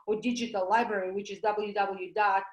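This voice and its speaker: A woman with a Russian accent gives a lively talk as a doctor, asking questions and answering them herself with homely comparisons. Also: medium pitch, fairly quick, roomy sound, lo-fi sound. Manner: animated, uses homely comparisons, asks and answers her own questions. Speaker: doctor promoting supplements.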